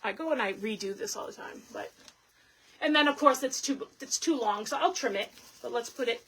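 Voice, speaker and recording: A woman's voice: a little high, lively intonation, a little fast, fairly bright tone, slight background noise. A woman hosting a live wreath-making stream, chatting casually and thanking her viewers as she works. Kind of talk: casual livestream chat while crafting.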